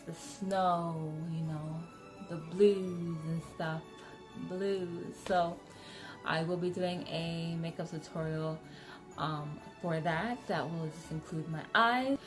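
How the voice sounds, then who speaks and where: Low-voiced woman vlogging, kinda muffled from retainers, chatty and excited, faint music behind. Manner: talking with retainers in, slightly muffled; chatty, excitable, self-correcting. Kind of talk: casual chat to camera.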